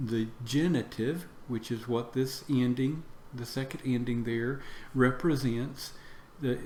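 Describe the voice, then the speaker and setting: A man teaching Greek vocabulary in a slow lesson. He repeats each word for drill and fills pauses with "uh". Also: mid-range voice, darkish tone. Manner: slow, repeats words for drill, many "uh" fillers. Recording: echoey room with faint background noise.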